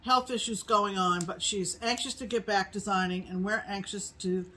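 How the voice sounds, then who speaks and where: A middle-aged woman from New England co-hosting a casual chat, rambling slowly with many ums. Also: mid-range voice, fairly even intonation, pushed and bright, slight background noise, poor audio. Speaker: co-host.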